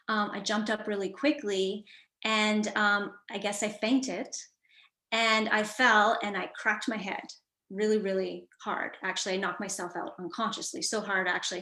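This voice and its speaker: A woman's voice: mid-range voice, fairly bright tone, reverberant. A woman coach telling a personal story in a conversational, reflective way, with frequent fillers and restarts. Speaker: guest coach.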